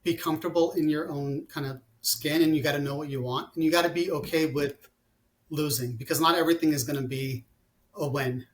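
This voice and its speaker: Founder guest, man in his forties, fairly high voice, loose rambling delivery full of "you know". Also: fairly even intonation, a little fast. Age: 40s. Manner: rambling, many fillers and restarts. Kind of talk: casual interview conversation.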